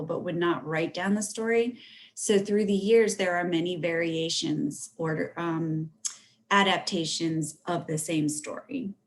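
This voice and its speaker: A woman teaching a second grade class, speaking in a patient, steady explaining tone with a few ums. Her pitch sits right in the middle. She addresses the children directly as she reviews the lesson. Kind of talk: recorded remote reading lesson.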